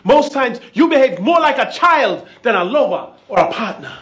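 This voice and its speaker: A man's voice: extremely high pitch, sing-song, normal speed, fairly bright tone, lo-fi sound, voice pushed up, exaggerated voice. Man doing a remorseful man scolding his partner. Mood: regretful.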